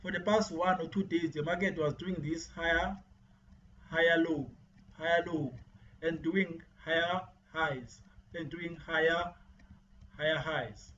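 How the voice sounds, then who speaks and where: A man's voice: fairly high pitch, steady tone, unhurried, a bit bright. A man giving a screen-share trading tutorial, often repeating words and restarting his sentences. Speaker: forex trading teacher. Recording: dull lo-fi mic with faint hiss.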